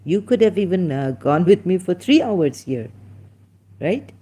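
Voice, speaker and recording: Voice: medium pitch, very animated, a little slow, dark tone, husky. A livestream host effusively thanking a viewer, repeating the thanks, laughing often and slipping into Hindi phrases.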